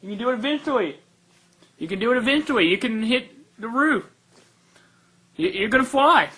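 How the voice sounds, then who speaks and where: A man's voice: very high-pitched, animated, a little fast, pushed and bright, breathy edge. A young man in a played clip of his own rant video, rambling crudely and offhand.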